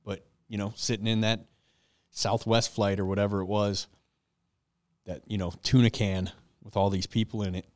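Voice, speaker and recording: A man casually telling an animated, self-mocking story and laughing along the way. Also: on the low side, moderate pace, long pauses, dry recording.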